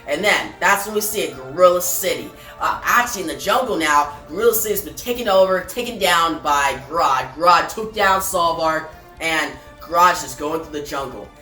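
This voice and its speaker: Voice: medium pitch, animated, normal speed, bright, forceful tone. A narrator casually retelling a comic book issue, reading each character's lines aloud with lots of fillers and restarts. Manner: reads dialogue aloud with frequent "he says"; loose, filler-heavy phrasing with restarts. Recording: roomy, distant mic with faint music.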